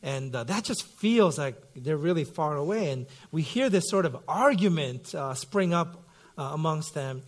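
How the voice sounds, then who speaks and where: A man in his thirties, a pastor giving a sermon in a relaxed, conversational storytelling way with lots of fillers. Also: a little high, normal speed. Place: church sanctuary.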